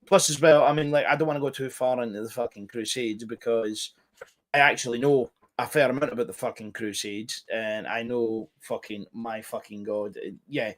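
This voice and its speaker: A man's voice: medium pitch, fairly even intonation, normal speed. A man talking as a guest in casual podcast chat, swearing often and rambling emphatically.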